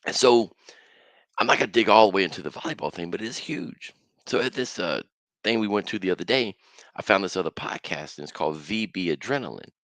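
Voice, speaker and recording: Lively, excitable man with a low voice. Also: a little fast, no echo. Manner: animated, slangy, bursts of loud excitement. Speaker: podcast host. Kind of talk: casual solo podcast chat.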